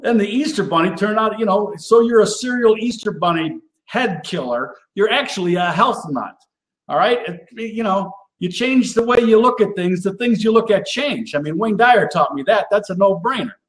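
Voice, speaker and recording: A chatty man hosts a live cooking show in a fairly high voice, tagging every point with a quick "all right?". He sounds excited and worked up. The room around him is echoey. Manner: enthusiastic and animated, gets worked up. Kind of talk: casual live-stream chat.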